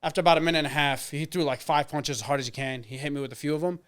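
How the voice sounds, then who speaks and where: Fast-talking young man telling stories. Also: on the high side, steady tone, a bit bright, smooth. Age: 20s. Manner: rambling, lots of fillers and quoted dialogue. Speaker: interview guest, MMA fighter. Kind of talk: casual storytelling.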